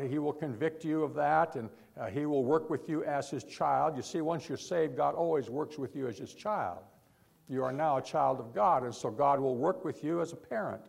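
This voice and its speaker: Male preacher, fairly high husky voice, earnest pleading sermon delivery. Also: moderate pace, a little mellow. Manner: pleading, rising to emphatic then dropping low.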